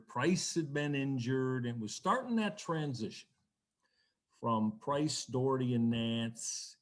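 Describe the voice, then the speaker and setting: A man telling rambling, animated stories as a podcast guest, with frequent restarts. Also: mid-range voice. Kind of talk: casual storytelling.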